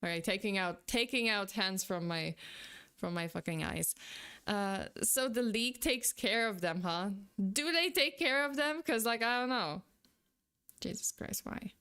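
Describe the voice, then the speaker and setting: A woman's voice: mid-range voice, normal speed, bright, forceful tone, clean tone. A young adult woman streaming in casual chat, rambling and exasperated, who swears and breaks into outbursts of disbelief.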